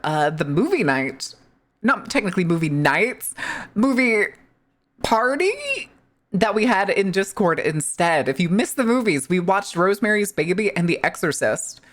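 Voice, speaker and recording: A woman streamer from the US Midwest, chatting casually and joking with her live chat, swearing freely as she talks. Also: lowish voice.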